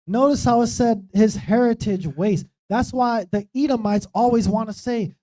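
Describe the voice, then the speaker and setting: A man's voice: very high-pitched, normal speed, few pauses, dark tone. A man leading an informal Bible study, talking conversationally and often checking in with "right?". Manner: conversational, keeps asking "right?". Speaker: preacher. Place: streamed church talk show.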